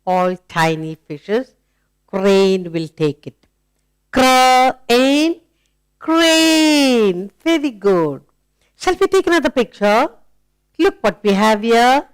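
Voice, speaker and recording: Slow, smooth-voiced woman teaching children. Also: on the high side, lively intonation, low-quality recording. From India. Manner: slow, coaxing, asks questions and praises. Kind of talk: children's phonics lesson.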